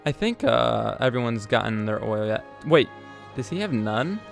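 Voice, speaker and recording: A man gives casual commentary while he plays a strategy game. He rambles and hesitates, filling pauses with ums and correcting himself, at an ordinary pitch. Faint game music runs underneath. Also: big pitch swings, vocal fry. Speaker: let's play host.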